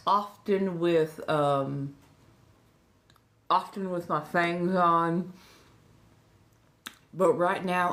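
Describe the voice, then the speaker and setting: Low, slow soft-spoken Southern woman. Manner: soft-spoken, slips into whispers, rambling with frequent restarts. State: talking without her upper denture. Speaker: ASMR livestream host. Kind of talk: relaxed livestream chat.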